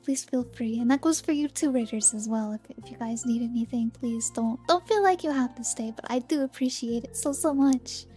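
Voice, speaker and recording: A woman's voice: on the high side, a little fast, hardly any pauses, warm tone, soft background music. A young woman streaming a game, chatting casually and bubbly with viewers, often giggling. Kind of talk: casual game livestream chat.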